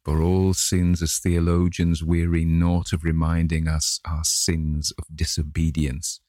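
A man narrating a classic novel in a measured, dramatic reading. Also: low-pitched, completely flat delivery, a little mellow, dry recording, clean studio sound. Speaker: audiobook narrator.

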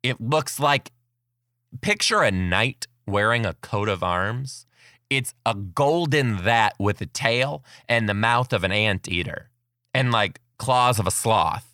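A man hosting his podcast and telling classroom stories as a kindergarten teacher, chatty and excitable, laughing often. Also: fairly low pitch, takes it slowly, no room sound, studio quality. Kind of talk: casual storytelling monologue.

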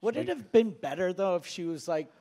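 High, lively man cracking crude jokes. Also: a little fast. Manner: joking, crude interjections. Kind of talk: casual comedic chat.

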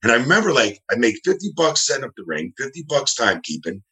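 This guest, a wrestling referee from New Jersey, talks fast in a pushed, bright mid-range voice with big pitch swings. Over a video call from home, he tells rambling stories in a casual interview and acts out the voices of those he quotes.

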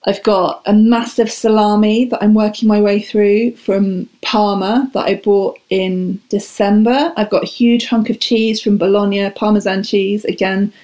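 A woman's voice: medium pitch, steady tone, unhurried, few pauses, dark tone. Chatty, enthusiastic woman guest. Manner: enthusiastic, chatty, self-deprecating. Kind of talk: casual podcast chat.

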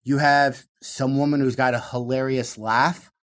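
A man with a Michigan accent, a stand-up comedian talking fast and animatedly in an interview, swinging his voice up and down to show his points. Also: medium pitch, steady tone. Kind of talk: casual interview talk.

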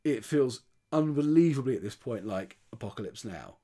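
A man talking casually on a podcast, recapping a film scene by scene. He rambles and restarts often and drops into quick voiced lines for the characters. His voice sits at an ordinary middle pitch. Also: lively intonation, dark tone. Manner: chatty, rambling, with frequent restarts and voiced quotes. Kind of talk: casual chat retelling a film plot.

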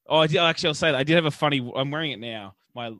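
A man's voice: on the high side, racing, a bit bright, no echo, studio quality. A man co-hosting a sports podcast, rambling and swearing as he tells stories in casual chat. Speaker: podcast co-host.

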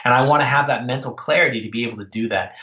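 A man's voice: medium pitch, very fast, bright, forceful tone, roomy sound. Give me a man recounting a story in an interview, stopping and restarting often, with dull, muffled audio. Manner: rambling with frequent restarts. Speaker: interview guest. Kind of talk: casual storytelling.

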